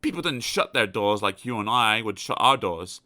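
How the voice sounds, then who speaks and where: A man narrating a children's storybook aloud in an expressive, animated storytelling manner. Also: fairly low pitch, normal speed, dry recording, studio quality. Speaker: audiobook narrator.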